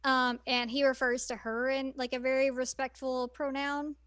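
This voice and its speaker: A woman's voice: sits high, little pitch movement, normal speed, a bit bright, dry recording. A woman co-hosting a podcast, chatting casually about anime and rambling with lots of fillers and restarts. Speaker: podcast co-host.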